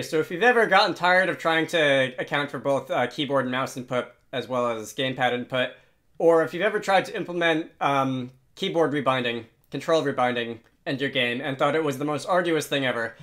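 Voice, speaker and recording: Chatty man with a slightly high voice. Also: a bit bright. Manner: chatty and joking, with frequent filler words and restarts. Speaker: programming tutorial host. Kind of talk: casual screen-share tutorial.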